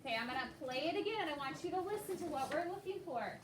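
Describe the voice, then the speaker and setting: High-voiced teacher in an echoey classroom. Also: female voice, expressive, fast. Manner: patient, prompting questions to students by name. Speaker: second grade teacher. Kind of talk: classroom instruction. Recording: echoey classroom, distant noisy mic.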